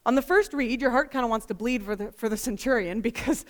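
A woman giving an expressive, emphatic Bible teaching full of rhetorical questions. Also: on the high side, fast. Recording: long reverb.

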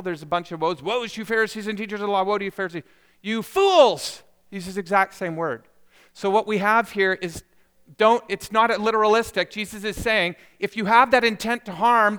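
A man with a high, smooth, resonant voice preaches a sermon in a church sanctuary. He moves from quiet reflection to impassioned emphasis, and his words ring out with a long hall reverb.

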